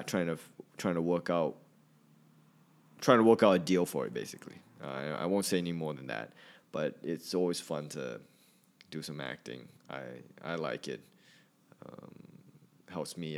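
A man who is a stand-up comedian, chatting casually in a rambling, self-deprecating monologue. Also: rumbling low.

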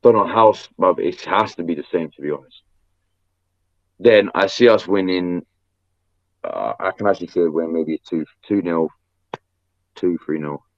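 A young man, telling animated, slang-heavy stories as co-host of a casual football podcast. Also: low-pitched, moderate pace, pauses often, no echo, dull audio.

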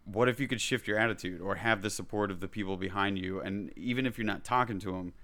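A man in a casual podcast chat, telling animated stories, acting out quotes and swearing casually. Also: on the low side, fast talker.

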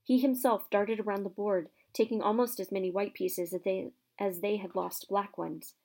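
A woman narrating a children's fantasy novel aloud with expressive, lively storytelling. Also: medium pitch, moderate pace.

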